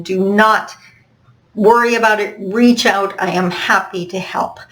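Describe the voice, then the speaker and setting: A woman's voice: fairly high pitch, fairly bright tone, rough recording. Upbeat encouraging woman course instructor. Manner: upbeat, encouraging, direct address. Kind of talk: recorded video lesson.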